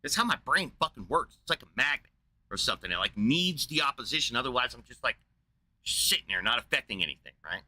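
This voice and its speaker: A man's voice: medium pitch, sing-song, fast talker, bright, forceful tone. A man streaming a casual, profane rant in a blunt, combative way.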